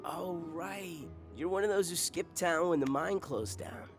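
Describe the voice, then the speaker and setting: A man's voice: on the high side, expressive, measured pace. A man voicing an easygoing, blunt small-town local in video game dialogue. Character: laid-back small-town man, coffee shop regular. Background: game music.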